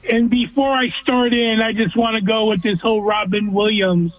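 A male caller to a sports radio show with a very high voice, coming through a tinny, dry phone line. He is blunt and forceful as he runs through his points. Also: steady tone, normal speed, no echo. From Southern California. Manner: blunt, emphatic ranting. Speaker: regular caller. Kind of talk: call-in sports talk radio.

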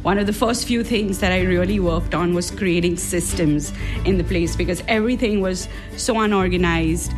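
A woman's voice: lowish voice, normal speed, music in the background. A woman who co-runs a family business, answering interview questions. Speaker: business owner.

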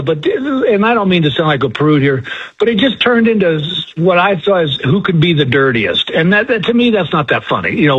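A folksy older man spins stories as an interview guest, doing little voices for the people he quotes. His voice sits a bit high with a husky edge. It comes through a dull, lo-fi line. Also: fairly bright tone. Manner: folksy storyteller, acts out quotes. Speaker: comedian guest. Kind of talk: casual storytelling interview. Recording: muffled lo-fi phone-like audio.

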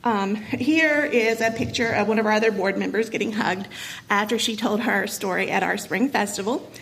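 A woman in her thirties with a husky voice, telling a painful personal story to an audience, emotional and halting, with many pauses and fillers. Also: mid-range voice, fairly bright tone, low-quality recording. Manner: emotional, halting, many ums and you-knows.

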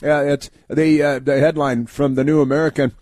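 A man hosting a talk show, giving sarcastic political commentary in a halting delivery full of fillers and restarts. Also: a little high, level tone, darkish tone, dry recording. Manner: sardonic, mock-cheerful asides.

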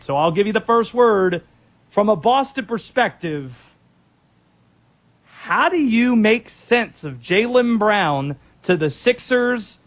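A man hosting a sports talk show, teasing his co-host and setting up topics. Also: high voice. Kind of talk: sports talk radio banter.

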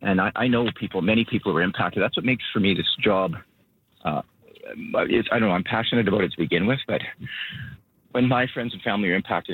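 A man speaking as a local government spokesperson, out of breath and earnest, rambling with halting restarts. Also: on the low side, breathy edge, no echo. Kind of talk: phone interview. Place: outdoors at his vehicle. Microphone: phone. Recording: tinny phone line.

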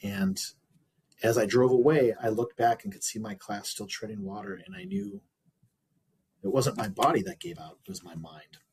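A man's voice: on the low side, big pitch swings, moderate pace, a little mellow, low-quality recording. A man in an interview, telling a personal story in an earnest, reflective way with frequent small restarts. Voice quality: very husky. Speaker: interview guest.

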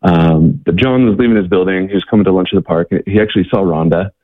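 A man's voice: low-pitched, fast. A man telling a story as a guest, hesitant, with many fillers and restarts. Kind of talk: storytelling in conversation. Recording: tinny phone line.

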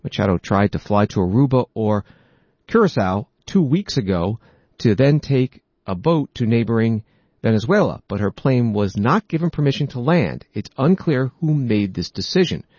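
A man presenting the news, reading out articles and introducing clips in a steady, matter-of-fact way. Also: mid-range voice, moderate pace, no room sound. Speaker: news commentator. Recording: dry, dull audio.

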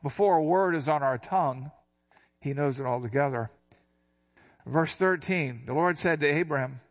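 Older man teaching a Bible passage. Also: fairly high pitch. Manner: explains verse by verse in a relaxed, plain-spoken way; slows down when reading scripture. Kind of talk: conversational sermon.

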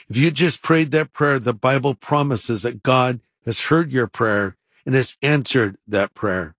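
A man's voice: medium pitch, unhurried, few pauses, a bit bright, dry recording, studio quality. An older man, a pastor on a radio program, earnestly leading a prayer and talking about faith and history. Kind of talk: radio sermon and pitch talk.

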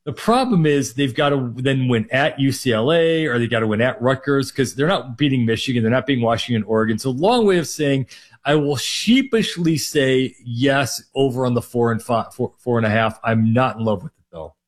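A man's voice: mid-range voice, normal speed. Minnesota guy on sports radio, rambly, tons of fillers, just running through football picks. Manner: rambling, heavy on fillers like "you know" and "like". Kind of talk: sports betting talk on air.

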